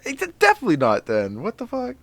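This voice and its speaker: A man's voice: high voice, huge pitch swings, fast talker, creaky, a bit bright, no room sound. A man co-hosting a podcast in casual chat, laid-back and rambling. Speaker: podcast co-host.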